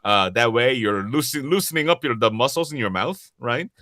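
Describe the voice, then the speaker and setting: A man from Korea with a Korean accent, whose first language is Korean, answering audience questions as a voice actor in a casual Q&A, lively and chuckling often as he restarts and repeats words. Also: medium pitch, moderate pace, no room sound, clean studio sound. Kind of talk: casual livestream Q&A.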